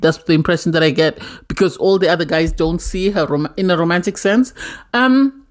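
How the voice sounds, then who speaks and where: A woman's voice: lowish voice, brisk. A woman hosting her own reality TV recap vlog, blunt and indignant, repeating her points for emphasis. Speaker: reality TV reviewer, channel host. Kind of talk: opinionated casual recap vlog.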